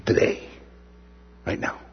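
A man's voice: slow pace, highs cut off. A man preaching a sermon who acts out the words of the people in the story. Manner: animated, acts out the characters' words.

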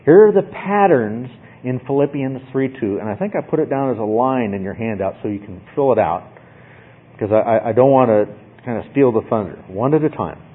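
A man's voice: mid-range voice, expressive, fairly quick, slightly rough. Emphatic male Bible teacher, tinny sound. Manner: emphatic, asks "okay?" often. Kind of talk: Bible study lecture.

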